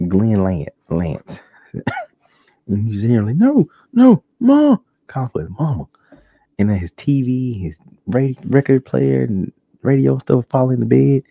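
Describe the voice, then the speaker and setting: This solo podcast host takes his time, his voice creaky as he animatedly tells stories and acts out shocked reactions in a high pitch. It's a dull, lo-fi home recording, dry throughout.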